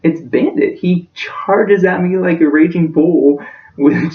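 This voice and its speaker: A young man giving a practice persuasive speech for a class, earnest and emotional, his voice close to breaking. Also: on the high side. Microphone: self-recorded from a distance. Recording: echoey room, distant dull-sounding mic.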